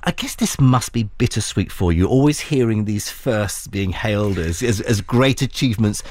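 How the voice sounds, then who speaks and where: A man hosting an interview, asking measured, attentive questions. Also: fairly low pitch, animated, a little mellow.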